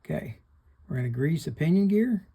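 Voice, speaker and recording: A man's voice: fairly high pitch, lively intonation, fairly quick, vocal fry, warm tone, breathy edge. A middle-aged man hosting a hands-on repair tutorial, plain-spoken, talking through each step while he works. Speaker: fishing reel repairer hosting a channel.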